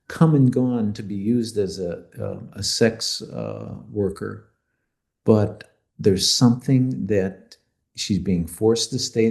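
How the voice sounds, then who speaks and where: A man's voice: on the low side, vocal fry, warm tone. A man co-hosting a podcast as the expert, explaining his views in an opinionated, confident way. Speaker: podcast co-host and expert commentator. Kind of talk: casual podcast discussion.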